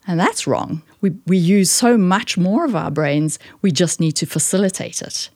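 A woman guest speaking in an animated coaching way, emphatic with sudden upward stresses. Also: moderate pace, dry recording, clean studio sound. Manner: emphatic, swooping up in pitch for stress.

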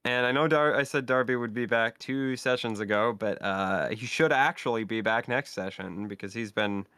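A man narrating as the game master of a tabletop game who talks haltingly, with lots of fillers. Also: mid-range voice, bright, forceful tone, clean tone, no room sound.

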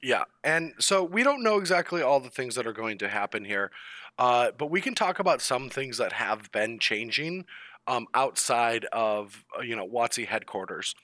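A man's voice: medium pitch, expressive, normal speed, pushed and bright, no echo. A man co-hosting a casual gaming podcast, talking loosely with many fillers and restarts. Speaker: podcast co-host, pro card player. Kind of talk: casual panel chat.

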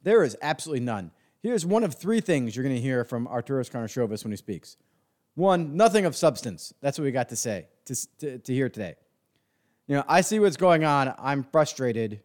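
A man hosts a sports podcast in a ranting monologue. He is sarcastic and profane, full of fillers, and his pitch swings widely as he works himself up. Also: very animated, fairly quick, darkish tone. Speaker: podcast host.

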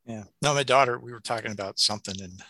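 A middle-aged man chatting casually as a podcast co-host, an animated storyteller who laughs often and acts out quotes. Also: mid-range voice, quick pace, no room sound. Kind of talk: casual chat.

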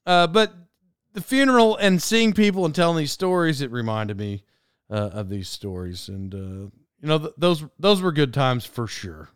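Middle-aged male podcast host, fairly high smooth voice, dry close sound, rambling casual storyteller. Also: normal speed, no room sound. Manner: rambling, animated, laughs at his own story.

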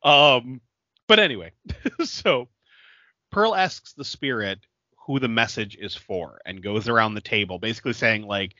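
A man's voice: mid-range voice, expressive, a little slow, pushed and bright, dry recording, highs cut off. A man co-hosting a podcast, recapping a film in casual chat, laughing often and filling his talk with "like". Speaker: podcast co-host.

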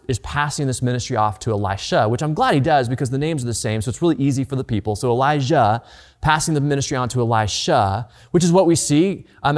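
A man's voice: mid-range voice, darkish tone. Male pastor, middle-aged, conversational sermon delivery, repeats for emphasis.

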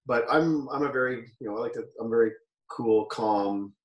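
A man's voice: medium pitch, fairly quick, distant mic. Man from Canada, forties, interview guest, rambling storyteller, self-correcting, echoey room, sits away from the mic. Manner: rambling, self-correcting, laughs while telling stories. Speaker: guest, former wrestler. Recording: roomy, off-mic sound.

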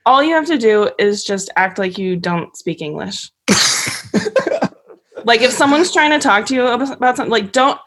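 A woman's voice: a little high, lively intonation, moderate pace, a bit bright. A woman chatting on a podcast, laughing often as she tells anecdotes. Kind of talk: casual chat.

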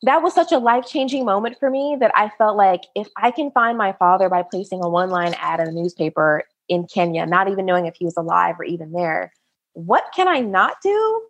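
A woman interview guest from the United States, telling a personal story in an animated way and acting out the quoted voices at a higher pitch. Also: fast talker, few pauses.

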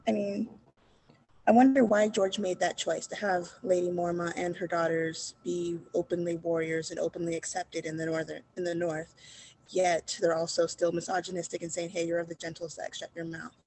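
A woman's voice: on the low side, flat delivery, moderate pace, darkish tone, slight background noise, rough recording. A woman co-hosting a podcast who reflects chattily on characters and choices in a fantasy novel. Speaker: podcast co-host. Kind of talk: casual book discussion.

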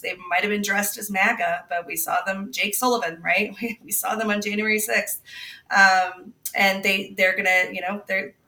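A woman with a bright, forceful voice speaks casually as a guest reporter, rambling with restarts and quick laughs. She sits at a distance from the mic in an echoey room. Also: medium pitch. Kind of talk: casual political talk.

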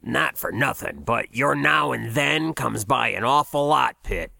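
A man voicing an older male fry cook, blunt and worried, in an audiobook. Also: mid-range voice, expressive, unhurried, bright, forceful tone, no echo, studio quality, full character voice. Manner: blunt, exasperated. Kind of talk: audiobook character voice.

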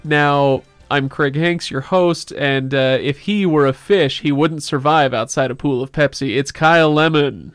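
A man's voice: a little high, a little slow, few pauses, a bit bright, smooth, no room sound, soft background music. Upbeat man hosting a podcast, dry close sound. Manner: loose, joking, many filler words. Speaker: podcast host. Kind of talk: casual podcast chat.

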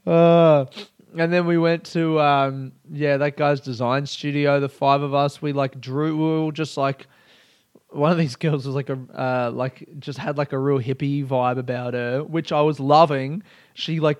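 Swearing, rambling man, smooth voice. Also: mid-range voice, flat delivery, moderate pace, no echo, clean studio sound. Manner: rambling storytelling, swearing, frequent laughter. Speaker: comedian and podcast host. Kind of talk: casual solo podcast chat.

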